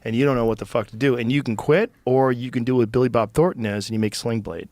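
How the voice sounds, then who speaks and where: A man's voice: medium pitch, steady tone, quick pace, darkish tone, dry recording. A man hosting a podcast, talking bluntly and argumentatively in a casual chat, with heavy swearing. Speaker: podcast host.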